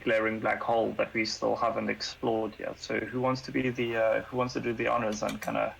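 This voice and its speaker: A man playing a tabletop game, asking halting questions in casual chat. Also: on the low side, level tone, gravelly, fairly bright tone, slight background noise, low-quality recording. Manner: asks questions with halting restarts. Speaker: player.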